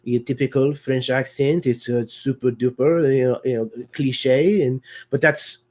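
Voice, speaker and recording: A man's voice: mid-range voice, fairly even intonation, measured pace, a little mellow. Man hosting a casual talk, hesitant. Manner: hesitant, many fillers and restarts. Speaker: host. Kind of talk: casual discussion on live video series.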